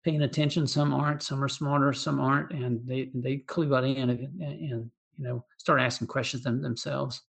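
A man, a physician assistant, explaining patient care in a relaxed podcast interview, with frequent restarts and fillers. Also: medium pitch, moderate pace, gravelly, few pauses, breathy edge. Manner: explanatory, many restarts and "you know" fillers. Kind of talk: conversational medical interview.

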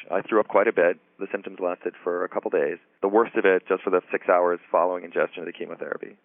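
A middle-aged man, a guest author and psychiatry professor, telling stories in a radio interview with a relaxed manner and many "you know"s. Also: on the low side, no room sound. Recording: tinny phone-line call-in audio.

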